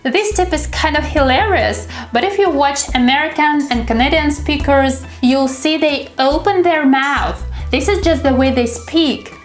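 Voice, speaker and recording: A woman's voice: sits high, reverberant, faint music behind. A young woman with a Russian accent, teaching English pronunciation and carefully sounding out words for her viewers to repeat. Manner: slow, careful articulation of drill words. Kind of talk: pronunciation lesson.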